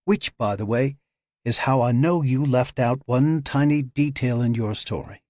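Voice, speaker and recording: A man voicing a confident young woman hacker who answers with defiant, quick comebacks, his pitch lifted. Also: darkish tone, no echo, clean studio sound, lightly acted.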